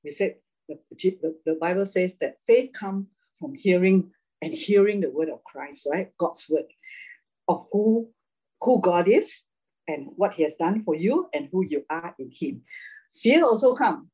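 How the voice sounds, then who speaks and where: A woman leads a casual Bible class. Her voice is mellow and a little husky. She talks in a chatty way, laughs a lot and keeps tagging her points with "right?". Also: fairly low pitch, expressive, a little slow, rough recording.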